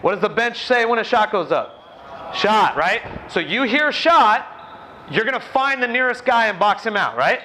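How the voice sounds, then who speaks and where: Bright, high-voiced man coaching basketball. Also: lively intonation, a little hiss or hum. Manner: brisk, commanding, calls out quick drill instructions. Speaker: basketball coach running a clinic. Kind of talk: on-court coaching demonstration. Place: indoor gym.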